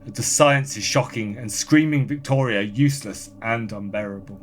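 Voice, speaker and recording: A man appearing as a podcast guest in casual chat, reading listener comments aloud in a brisk, dry, offhand way. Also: mid-range voice.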